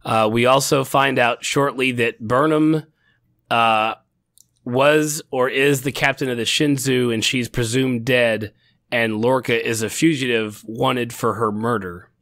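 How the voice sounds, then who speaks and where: A man's voice: medium pitch, fairly even intonation, a little slow, fairly bright tone, dry recording, studio quality. A middle-aged man co-hosting a casual TV review chat, rambling with frequent restarts and laughter. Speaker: podcast co-host.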